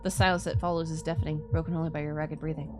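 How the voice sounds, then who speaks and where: A woman streamer reading a horror game aloud, breaking off into loud, startled reactions. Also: sits low, level tone, rapid-fire, background noise. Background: music.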